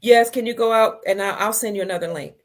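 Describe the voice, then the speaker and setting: A woman hosting a casual livestream, reading viewer comments, emotional and tearful, her voice swinging between soft and loud. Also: mid-range voice, fast, a crowd in the background. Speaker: livestream host.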